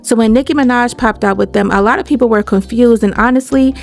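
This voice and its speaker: Woman youtuber chatting casually, lots of vocal fry. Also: fairly high pitch, fast. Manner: chatty, lively, slangy. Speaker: YouTube commentary host. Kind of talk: casual commentary vlog.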